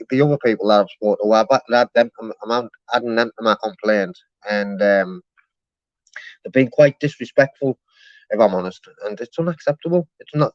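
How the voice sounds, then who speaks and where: A man's voice: fairly low pitch, no echo. Man, complaint caller, mock-polite, persistent, dry close sound, muffled lo-fi. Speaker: caller complaining to customer service. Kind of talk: live-streamed phone complaint.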